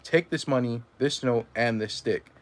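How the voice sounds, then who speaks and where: A man's voice: mid-range voice, moderate pace, lightly acted. A stern, commanding mother, as a male reader voices her. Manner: clipped, commanding, final. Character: stern, hard-pressed mother, firm and unyielding.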